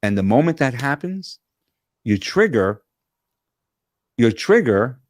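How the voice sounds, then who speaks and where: A man, a guest coach, telling a story in an energetic, animated conversational way over a video call, full of quick restarts. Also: mid-range voice, no room sound, clean studio sound. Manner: fast, animated talker with frequent restarts.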